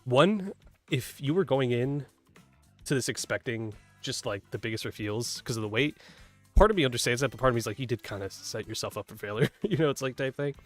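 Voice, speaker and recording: A man's voice: mid-range voice, animated, fairly quick, soft background music. A man casually commenting while playing a game, rambling with lots of fillers, swearing and laughing at his own mistakes. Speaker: gaming streamer.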